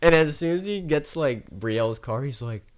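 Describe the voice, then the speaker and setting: A man's voice: on the high side, animated, normal speed. A young man from New Jersey, a podcast guest, telling a rambling, profane story in casual chat full of "like". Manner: rambling, filler-heavy, profane anecdote telling.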